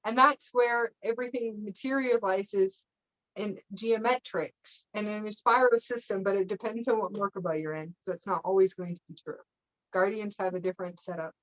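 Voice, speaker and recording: A woman guiding a live spiritual teaching session, her voice of middling pitch coming through dull, lo-fi call audio. She wanders from thought to thought, checks in again and again with "okay?", and drops playful asides with a laugh. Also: steady tone, normal speed. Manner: meandering, checks in with frequent "okay?".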